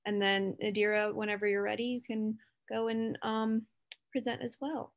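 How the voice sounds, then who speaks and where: A woman moderating an online session, handing the floor to the next presenter in a soft, hesitant way. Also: mid-range voice, flat delivery, normal speed. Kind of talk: handing over to the next speaker.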